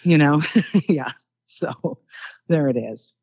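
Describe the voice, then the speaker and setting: An older actress chatting as an interview guest, telling rambling anecdotes full of fillers. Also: female voice, low voice, slow, breathy edge, no room sound, highs cut off. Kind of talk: casual interview storytelling.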